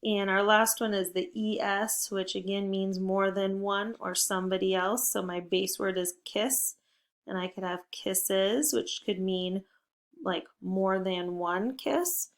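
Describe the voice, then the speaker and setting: Woman, teacher, young children's spelling lesson, slow, clear, encouraging, upbeat. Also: mid-range voice, fairly even intonation. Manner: slow, deliberate word-by-word modeling.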